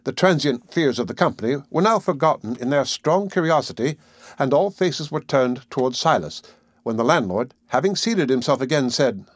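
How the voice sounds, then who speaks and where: Measured male audiobook narrator, dry. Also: mid-range voice, lively intonation, dry recording.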